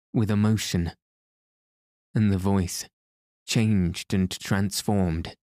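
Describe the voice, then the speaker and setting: A man narrating an audiobook with measured, even storytelling. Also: fairly low pitch, no room sound, studio quality. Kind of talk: scripted narration.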